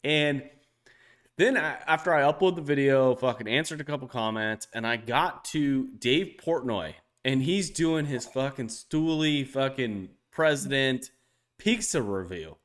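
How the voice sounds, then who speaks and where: A man in casual podcast chat, swearing freely as he tells stories. His pitch rides up and down with lively animation, at a middle register for a man. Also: measured pace. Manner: profane, animated storytelling, jumps high when quoting others. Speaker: podcast co-host.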